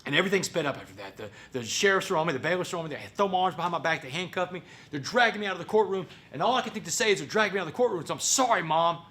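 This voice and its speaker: A man's voice: sits high, animated, rapid-fire, few pauses, sharp tone. A man, a motivational speaker dramatically telling his own story to an audience and acting out other people's voices. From Port Arthur, Texas. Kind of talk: personal story told to an audience.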